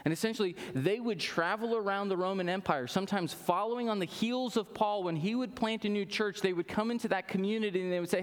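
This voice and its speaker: A man's voice: high-pitched, fast talker, few pauses, long reverb tail. A man preaching a Sunday sermon to a congregation, with emphatic delivery and frequent rhetorical "right?" asides. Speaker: pastor. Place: church sanctuary with congregation.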